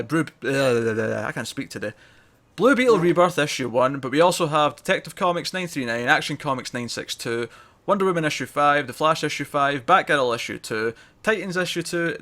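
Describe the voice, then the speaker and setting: Male podcast host, bright timbre, casual and talkative. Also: mid-range voice. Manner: chatty, reads lists briskly with fillers.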